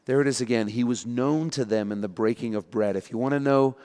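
A man delivering a sermon with animated storytelling, acting out the scene as he goes. His voice sits in the middle range, and a long reverb trails each phrase. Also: mid-range voice, a little fast, clear, resonant tone. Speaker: pastor.

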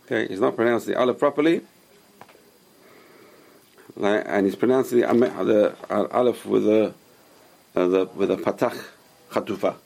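Gravelly husky guy teaching a class, keeps repeating himself to drive it home. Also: on the low side, normal speed, pauses often, a little mellow. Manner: insistent, repeats points and drills pronunciation. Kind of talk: casual religious lesson to a small class.

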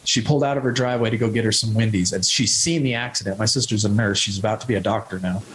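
A man in his thirties, a podcast guest, telling a raw, rambling personal story about recovery and his son's accident, breaking into shouted quotes now and then. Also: on the low side, fast talker, slight background noise, low-quality recording.

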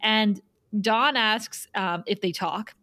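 A woman's voice: mid-range voice, pushed and bright, no room sound. A woman co-hosting a podcast, casually recapping an episode with chatty asides. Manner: chatty retelling, quick asides. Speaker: podcast co-host.

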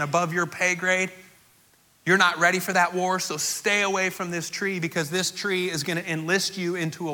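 A man's voice: high-pitched, sharp tone, long reverb tail. A preacher voicing God as an earnest, protective father figure who warns in plain everyday words. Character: gentle fatherly God warning Adam.

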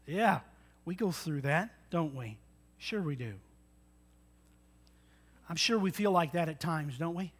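A man's voice: on the high side, animated, measured pace, long pauses. A man preaching a sermon, earnest and folksy, often putting questions to the congregation. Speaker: pastor.

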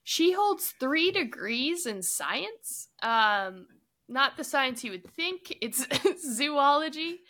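Woman podcast host, kinda high, really bright voice, laughs a lot while reading stuff out. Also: big pitch swings, slow pace. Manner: laughs often, reads summaries aloud. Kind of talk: casual book-review chat.

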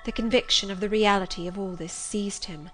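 A woman narrating a story in a measured, expressive reading style. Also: mid-range voice, a little hiss or hum. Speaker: audiobook reader. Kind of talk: scripted narration.

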